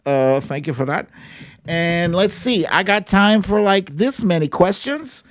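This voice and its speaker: Chatty guy hosting a stream, laughs a lot, talks slow and easy. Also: high-pitched, lively intonation, no room sound, clean studio sound. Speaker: livestream host reading his own book. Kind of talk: casual live chat with viewers.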